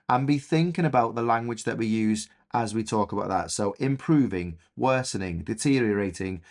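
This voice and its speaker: A man with an English accent teaching a recorded history revision lesson, in a chatty, enthusiastic way with frequent fillers. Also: medium pitch.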